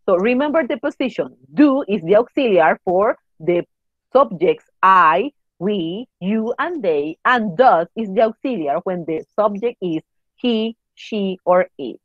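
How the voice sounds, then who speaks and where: A woman's voice: mid-range voice, lively intonation, unhurried, dry recording. Female teacher, methodical grammar explainer, dry muffled lesson recording. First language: Spanish. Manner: explains step by step, checks in with "okay?", spells out letters. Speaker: English teacher.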